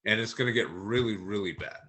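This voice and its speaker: Male author guest, hesitant and measured, low voice with a bright edge. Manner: hesitant, many pauses and ums. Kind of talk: casual interview chat.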